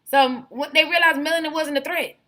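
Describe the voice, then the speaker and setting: A woman hosts a casual livestream and talks straight to her chat. Her voice is bright and cutting and sits somewhat high. She speaks bluntly and wanders off on tangents. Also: fairly even intonation, fairly quick. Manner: rambling, tangent-prone, blunt. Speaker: livestream host.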